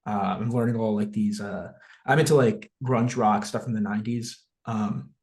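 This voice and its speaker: A man's voice: on the low side, fairly even intonation, normal speed, darkish tone. Young jersey guy rambling on a video call, lots of likes and ums, swears a bunch. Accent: New Jersey. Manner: rambling, filler-heavy, frequent swearing. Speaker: guest. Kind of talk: casual podcast chat.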